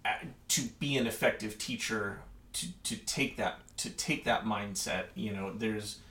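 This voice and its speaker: A man who teaches cello, talking casually with a colleague in a lively, restarting way, often acting out quoted voices. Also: lowish voice, a little slow, reverberant, low-quality recording. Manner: animated, many restarts and fillers, acts out quoted voices. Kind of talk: casual chat between colleagues.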